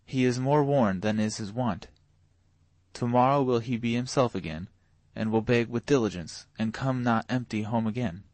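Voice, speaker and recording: A man's voice: mid-range voice, moderate pace, a little mellow, no echo, natural voice. A man reading a storybook voicing timid young sisters pleading for their brother.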